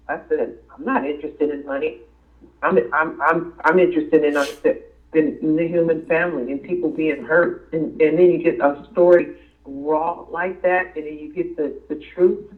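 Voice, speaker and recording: A woman calling in as a guest, choked up and tearful, stammering and halting as she speaks. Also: deep voice. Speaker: guest co-host. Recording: tinny phone line.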